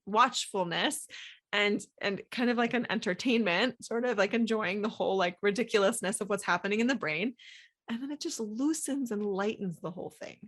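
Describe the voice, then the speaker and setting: A woman's voice: mid-range voice, fairly bright tone. A woman hosting a solo coaching podcast, talking casually with many fillers and acting out inner thoughts. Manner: chatty, lots of "like" fillers, acts out inner voices.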